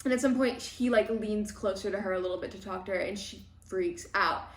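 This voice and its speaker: A woman's voice: medium pitch, a little fast. Woman recapping a novel in an echoey room. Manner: retells plot in animated run-on recap. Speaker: podcast co-host. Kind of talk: casual book club chat.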